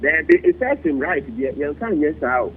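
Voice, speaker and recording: Husky animated Ghanaian man on the radio. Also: normal speed. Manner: animated, swinging pitch, mixing languages. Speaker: political commentator. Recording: lo-fi radio broadcast.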